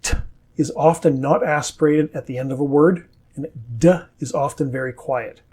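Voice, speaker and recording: North american guy teaching pronunciation, bit husky, slightly high voice, says each word real carefully. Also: fairly even intonation, darkish tone. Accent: standard North American. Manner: slow, carefully enunciated model words. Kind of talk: scripted pronunciation lesson.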